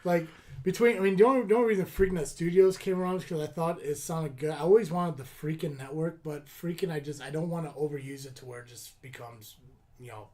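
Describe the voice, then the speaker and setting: A man chats casually on a podcast, his voice sitting a little higher than most men's. He rambles, circling back with fillers and half-finished starts as he lays out his plans. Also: fast talker, a little mellow. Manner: rambling, with many fillers and restarts. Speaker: podcast host. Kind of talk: casual chat.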